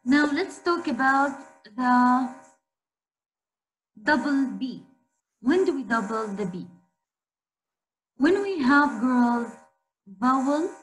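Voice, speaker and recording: A woman teacher leads a spelling lesson, repeating each word slowly and emphatically and pausing to ask the class questions. Her voice is fairly high, and the low-quality recording has slight background noise.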